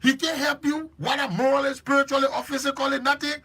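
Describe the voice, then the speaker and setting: A man with a Liberian English accent hosting a live stream, chatting lively and preachy while teasing viewers by name. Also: very high-pitched, quick pace. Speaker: host.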